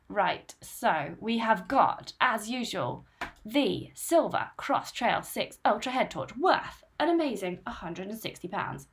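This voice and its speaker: A chatty woman in her thirties hosts a live stream from home, talking straight into her camera mic. Her voice sits at an ordinary middle pitch, neither high nor low. She rattles on in an upbeat, casual way and keeps reading out comments from her viewers. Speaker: host of a running channel live stream.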